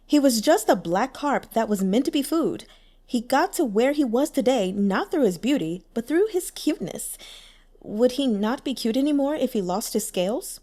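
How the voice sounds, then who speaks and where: Female narrator for audiobook fiction; higher register, lively and expressive delivery. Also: normal speed. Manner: expressive storytelling with lively pitch. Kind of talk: scripted narration.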